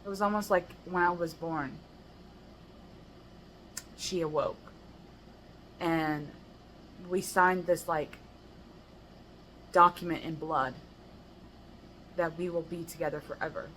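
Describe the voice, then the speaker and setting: Low-pitched American woman, poet doing a measured recitation of her own verse, drifting into loose laughing chat between poems. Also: steady tone, fairly bright tone, a little hiss or hum, poor audio. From United States. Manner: measured rhyming recitation broken by chatty, laughing asides. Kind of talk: poetry reading with casual commentary.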